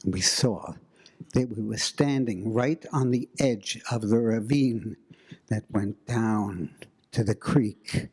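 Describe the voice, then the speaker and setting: A man telling a spooky story live, slow and dramatic with suspenseful pauses. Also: lowish voice, a little mellow, slightly rough.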